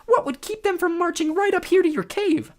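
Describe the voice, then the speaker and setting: A man voicing a timid young male satyr disguised as a bride, stammering nervously in falsetto. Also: brisk.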